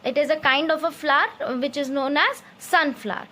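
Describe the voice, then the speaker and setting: High-voiced Indian teacher spelling words. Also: female voice, fairly quick, sharp tone. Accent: Indian English. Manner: patient, spells words letter by letter, asks the class questions. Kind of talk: classroom lesson for children.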